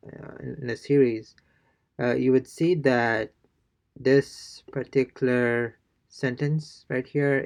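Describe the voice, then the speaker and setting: A man teaching an online pronunciation lesson, explaining slowly from his notes with many pauses and restarts. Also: medium pitch, clear, resonant tone. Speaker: Spanish teacher.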